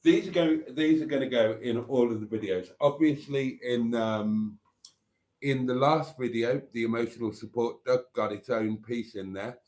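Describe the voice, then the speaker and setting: A man's voice: mid-range voice, moderate pace, a little mellow. A man hosting a live stream, chatting casually and laughing with delight while reacting to viewer messages.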